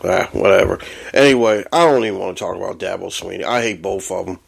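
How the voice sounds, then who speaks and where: A man's voice: low-pitched, fast, creaky, slightly rough. A man hosting a sports podcast, ranting angrily and swearing a lot as he gets worked up. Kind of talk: profane sports rant.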